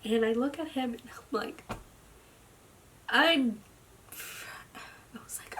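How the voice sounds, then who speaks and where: A tired young woman speaking a personal video diary at home into her camera. She talks haltingly, with lots of "like," and often drops into a near whisper. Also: a little high, slight background noise. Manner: slow, halting, with frequent "like" fillers and soft, near-whispered stretches. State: tired and drained. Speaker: vlogger. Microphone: camera mic.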